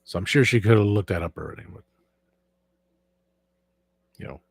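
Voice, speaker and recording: A man with a sore, hoarse voice hosting a casual livestream and rambling with frequent restarts. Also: on the low side, moderate pace, no echo. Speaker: show host.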